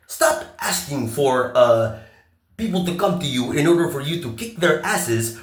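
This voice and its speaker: A man talking in a long, rambling monologue. He swears a lot, turns sarcastic, and stops often on filler pauses. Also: a little high, very animated, roomy sound. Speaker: vlogger.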